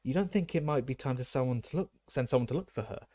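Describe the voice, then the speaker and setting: A man's voice: medium pitch, moderate pace, darkish tone, no room sound, close to an everyday voice. A man voicing a mild, patient middle-aged father who speaks tentatively.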